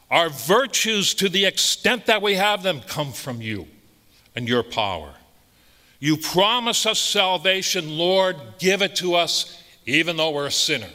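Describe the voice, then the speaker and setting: A man's voice: fairly high pitch, pushed and bright. Blunt, emphatic preaching man in a hall. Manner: emphatic, blunt, repeats phrases for stress. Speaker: priest. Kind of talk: conversational sermon.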